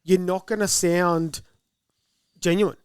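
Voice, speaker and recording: A man's voice: high voice, fairly even intonation, takes it slowly, clean tone, dry recording, studio quality. An Australian man co-hosting a podcast, talking in an easygoing, reflective way. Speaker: podcast co-host. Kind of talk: casual chat.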